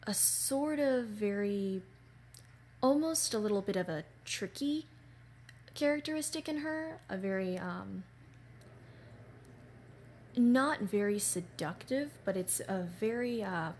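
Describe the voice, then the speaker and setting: A woman voice actor recording a casual audition message, polite and hesitant with many pauses and fillers. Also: mid-range voice, lively intonation, a little mellow, breathy edge.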